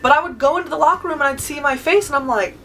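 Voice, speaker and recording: A woman's voice: high-pitched, racing, pushed and bright, slight background noise, low-quality recording. Chatty young woman from California. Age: 20s. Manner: chatty, sprinkles in "like" and "um". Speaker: beauty vlogger. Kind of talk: casual Q&A vlog.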